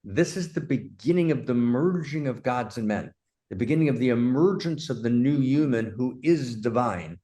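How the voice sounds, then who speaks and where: A man hosting an animated film discussion, talking emphatically and breaking into excited bursts. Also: mid-range voice, moderate pace. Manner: warmly addresses his partner as "my friend". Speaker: host, philosopher.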